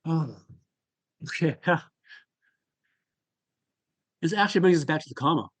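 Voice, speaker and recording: A man speaking as a guest on a podcast, telling a personal story in a reflective, halting way. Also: on the high side, expressive, breathy edge. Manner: reflective and halting, with fillers and restarts.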